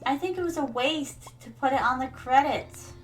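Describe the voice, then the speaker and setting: A woman's voice: high voice, moderate pace, faint music behind. A young woman streaming a game in casual, rambling chat, playing a playful royal persona who calls her viewers her darlings. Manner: rambling, many fillers.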